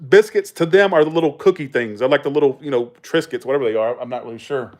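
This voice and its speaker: A man's voice: mid-range voice, fast, a little mellow. An American man hosting a livestream in a casual chat, rambling through anecdotes with lots of fillers. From United States. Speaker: livestream host.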